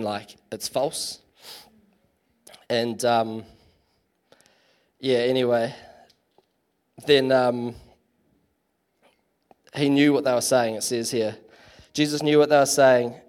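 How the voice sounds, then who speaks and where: A man's voice: medium pitch, steady tone, slow, pauses often. A man giving a casual, chatty sermon in church, full of fillers and self-deprecating asides. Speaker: preacher.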